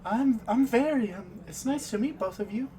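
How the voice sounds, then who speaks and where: A man voicing a nervous drow woman who stammers and speaks softly. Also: fairly high pitch, expressive, normal speed, slight background noise, natural voice. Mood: shy. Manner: hesitant, stammering, soft.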